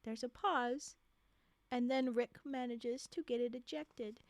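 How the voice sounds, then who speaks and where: A woman's voice: a little high, fairly even intonation, takes it slowly, slight background noise. A woman streamer reading a holiday story aloud, breaking off to chat and talk back to the characters. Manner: chatty, reacts loudly and talks back to the characters.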